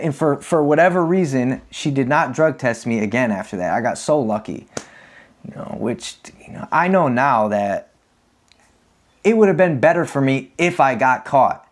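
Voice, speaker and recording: Male host, 30s, confessional storytelling, candid and conversational, mid-pitched voice. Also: normal speed. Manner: candid, animated when acting out quotes. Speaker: podcast host.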